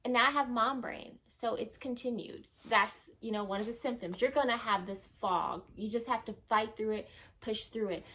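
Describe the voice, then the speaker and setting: A young woman vlogging casually to camera, chatty and animated, acting out past moments in a higher voice. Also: moderate pace, low-quality recording.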